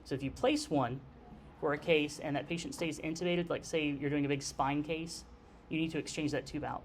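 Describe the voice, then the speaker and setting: A man's voice: a little high, steady tone, a little fast, a little hiss or hum. Conversational man lecturing on anesthesia. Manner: conversational, checks in with frequent "okay". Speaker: nurse anesthesia instructor. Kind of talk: classroom lecture.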